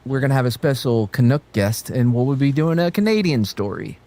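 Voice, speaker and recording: A man hosting a loose group chat, cracking jokes and swearing freely. His pitch leaps around animatedly while he teases the others. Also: lively intonation, fairly quick, warm tone. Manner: joking, swearing, does silly voices in quotes. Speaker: host of a group history show.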